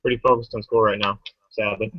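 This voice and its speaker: A man in his twenties co-hosting a podcast in casual chat, relaxed and often saying "um". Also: lowish voice, brisk, no echo. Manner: relaxed, with frequent "um". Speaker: podcast co-host. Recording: dry, dull lo-fi audio.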